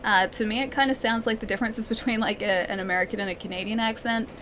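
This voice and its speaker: A woman's voice: medium pitch, steady tone, fast talker, fairly bright tone. Young Australian woman, let's play streamer, chatty and giggly, faint hum behind. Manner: chatty, giggly, talks to chat while playing.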